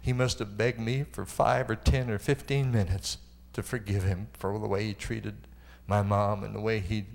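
A middle-aged man preaching a sermon, telling his own story and rising to impassioned, high-pitched delivery. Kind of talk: sermon testimony.

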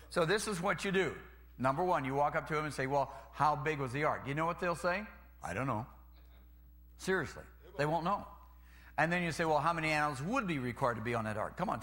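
A man's voice: fairly high pitch, bright, forceful tone. A man preaching a sermon in a folksy way, repeating phrases and calling for amens.

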